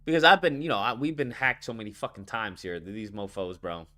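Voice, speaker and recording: A man's fairly low, sharp-toned voice moves at a fairly quick clip as he hosts a livestream. Off the cuff, he rants about video games, swears, repeats himself, gets heated, and reads chat comments aloud.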